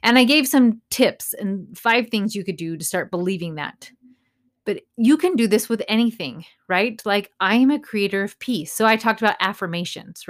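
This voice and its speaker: A woman in her thirties hosting a motivational podcast, speaking in an encouraging way and often checking in with "right?". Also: medium pitch. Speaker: podcast host.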